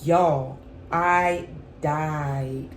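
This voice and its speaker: A young woman, telling a dramatic storytime vlog in an animated, expressive way. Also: low voice, very slow. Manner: animated, dramatic, swings to loud cries when reliving. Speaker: vlogger. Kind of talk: casual storytime. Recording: echoey room with faint hum.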